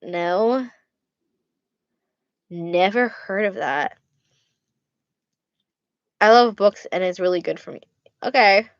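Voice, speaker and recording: A woman's voice: medium pitch, slow pace, long pauses, no echo, highs cut off. Blunt young woman with a dry close sound. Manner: blunt, swears freely, laughs often. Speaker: vlogger answering fan questions. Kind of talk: casual Q&A vlog.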